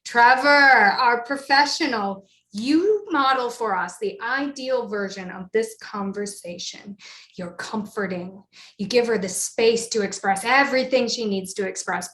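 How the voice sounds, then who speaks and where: A woman plays a brisk, bossy video director in a solo stage show. The voice is pitched high and snaps out quick instructions, and a roomy echo hangs around it. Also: fairly bright tone. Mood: instructive.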